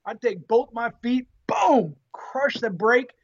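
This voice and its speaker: A former Marine telling an animated story in an interview, acting out the quotes with salty language. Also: male voice, very high-pitched, unhurried, lo-fi sound. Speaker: guest, former Marine tank driver.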